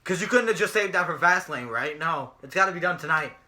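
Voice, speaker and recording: A man's voice: on the high side, animated, fast talker, bright, forceful tone. A young man co-hosting a casual chat show, ranting and mocking with lots of swearing. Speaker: podcast co-host.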